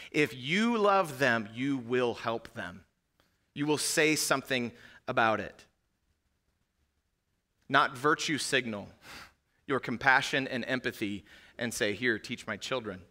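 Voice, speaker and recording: Guy preaching a sermon at church, bright punchy voice, gets loud then drops low. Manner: impassioned preaching, swings from quiet to loud. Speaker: pastor. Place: church sanctuary.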